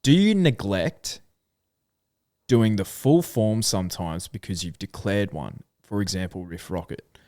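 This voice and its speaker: Here is an Australian man in casual podcast chat. His voice sits a little low but swings up and down a lot as he thinks out loud. The sound is dry and close, with no room around it. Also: unhurried, no room sound. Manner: animated, thinking aloud with fillers. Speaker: podcast co-host.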